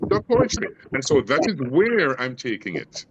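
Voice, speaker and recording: A man's voice: mid-range voice, big pitch swings, moderate pace, dull audio, noisy background. A man from Jamaica with a Jamaican accent blended with Canadian, talking passionately as a poet and educator in an interview, often stumbling over repeated words. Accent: Jamaican mixed with Canadian. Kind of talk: interview conversation.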